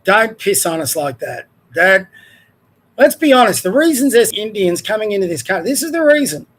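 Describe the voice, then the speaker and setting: Hosting his own show, this Australian man rants with heat and rambles, letting sentences trail off. His high-pitched voice swings widely in pitch, is fairly bright, and moves at a normal speed.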